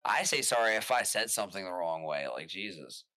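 Male podcast guest, low-pitched, forceful storyteller, rambling delivery. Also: brisk, dry recording. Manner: rambling, animated, restarts often while retelling quotes. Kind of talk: casual storytelling chat.

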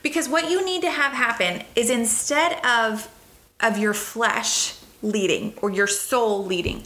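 A woman hosting a faith show, preaching in a casual, animated way and acting out little bits of dialogue. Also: mid-range voice, poor audio. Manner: animated, acts out dialogue with quick voice switches. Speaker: host and preacher. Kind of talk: casual sermon.

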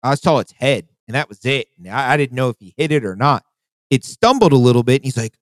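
Male podcast host, casual and profane, mid-pitch voice, dry close mic, animated storyteller. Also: fast, no room sound. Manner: profane, animated retelling with acted quotes.

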